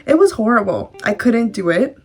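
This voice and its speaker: Chatty young woman with a gravelly voice. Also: on the high side, sing-song, normal speed, a little mellow, faint music behind. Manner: candid, chatty, with casual swearing and filler words. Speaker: vlogger. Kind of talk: casual personal storytelling.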